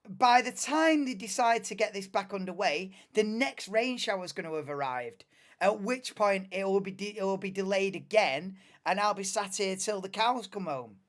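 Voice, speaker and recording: A young man talks loosely through a live stream, drifting into low mutters and casual swearing. His voice sits a touch higher than most men's. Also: animated, moderate pace. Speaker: live watchalong host. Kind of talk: casual live commentary, chatting with chat.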